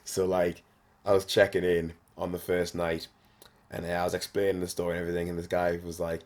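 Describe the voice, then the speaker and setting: A man, talking casually and bluntly as a podcast host, swearing often and filling pauses with "like". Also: low-pitched, flat delivery, a little mellow. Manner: blunt and sweary, frequent fillers. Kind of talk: casual monologue.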